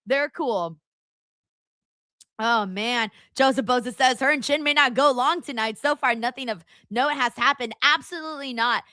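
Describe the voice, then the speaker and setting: Bright, high-voiced woman streamer chatting. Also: moderate pace, no room sound, clean studio sound. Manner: chatty, blunt, full of fillers and asides to chat. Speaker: livestream host. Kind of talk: casual live watchalong commentary.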